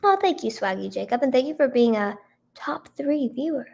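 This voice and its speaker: Hoarse young-sounding woman chatting to her stream. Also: high-pitched, expressive, normal speed, darkish tone. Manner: chatty, lots of "like" and "um", thanks viewers by name. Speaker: singer-songwriter streaming to her chat. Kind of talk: casual livestream chat.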